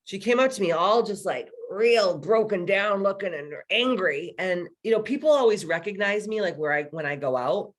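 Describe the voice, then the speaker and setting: A woman's voice: mid-range voice, expressive, normal speed, few pauses. Brief: woman in her thirties hosting a video call, crude, laughing storyteller. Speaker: workshop host. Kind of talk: casual chat.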